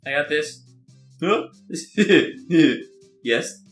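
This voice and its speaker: A man's voice: fairly high pitch, lively intonation, very slow, echoey room, faint music behind. A man hosting a let's play, joking and reading game text aloud. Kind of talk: casual let's play commentary.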